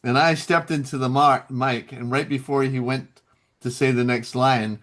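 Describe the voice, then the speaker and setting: A man who works as a voice actor, a guest in a casual interview, telling animated stories and laughing often. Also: medium pitch, moderate pace.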